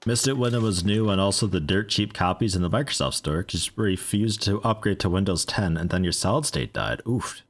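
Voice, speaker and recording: Speaking low and a little fast, with hardly any pauses, this man streams a game. He chats loosely with viewers, wandering between topics and tossing jokes at chat as he comments on play.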